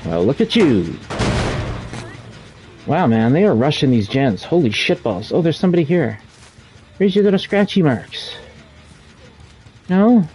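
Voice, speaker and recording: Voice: medium pitch, warm tone, slight background noise. A streamer giving live gameplay commentary while playing the killer, teasing the other players. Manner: playful, teasing the players being hunted.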